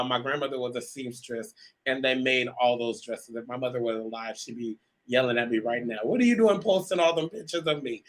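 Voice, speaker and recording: Male live-show host, bright forward tone, chatty and direct with viewers, filler-heavy. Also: medium pitch, rough recording. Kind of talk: live talk show monologue.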